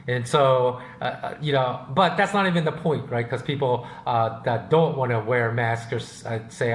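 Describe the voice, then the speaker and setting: A man's voice: medium pitch, moderate pace, few pauses. A man hosting a podcast, talking in a rambling, emphatic and opinionated monologue. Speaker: podcast host. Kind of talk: casual monologue. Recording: roomy echo.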